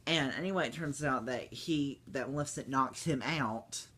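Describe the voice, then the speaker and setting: A man talking through a movie in a casual, meandering way, piling up fillers and restarts as he goes. His pitch sits in a middle range. He now and then slips into squeaky put-on voices to imitate the characters. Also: normal speed, sharp tone, breathy edge. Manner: rambling, full of fillers and restarts; breaks into squeaky high voices to mimic characters. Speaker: movie reviewer.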